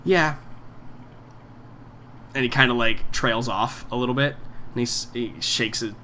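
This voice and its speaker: A man's voice: mid-range voice, steady tone, brisk, bright, forceful tone, slight background noise. A casual man narrating a game. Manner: casual, many fillers like "um" and "like". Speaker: game master.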